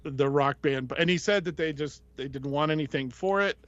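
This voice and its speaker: A man's voice: a little high, moderate pace, fairly bright tone, dry recording. A man hosting a podcast, telling a casual, rambling story full of fillers and voices he quotes. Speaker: podcast host. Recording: dull lo-fi, dry sound.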